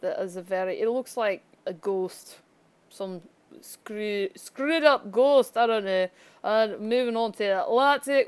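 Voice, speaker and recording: A woman's voice: mid-range voice, clear, resonant tone. A woman giving a casual weather outlook over a screencast, rambling, joking and poking fun at herself. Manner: rambling, joking, self-deprecating. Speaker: amateur weather forecaster.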